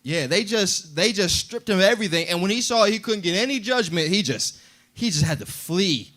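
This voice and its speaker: A man teaching a Bible class in a preaching style, lively and acting out quoted voices as he explains. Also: high-pitched, moderate pace. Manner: animated, acts out voices in quotes.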